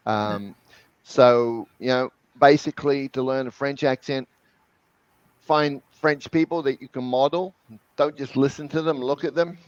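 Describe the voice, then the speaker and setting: A man's voice: mid-range voice, fairly even intonation, a little slow, no echo, muffled recording. A man guest in a webinar interview, explaining with energy and often repeating words as he talks. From New Zealand. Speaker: guest language expert.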